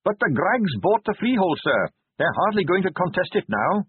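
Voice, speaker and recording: A man's voice: high voice, very animated, normal speed, slightly rough, dry recording, pitched above the performer's own voice, heavily acted. A man voicing an earnest, polite young male watch captain who speaks eagerly and helpfully. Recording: tinny phone-like band.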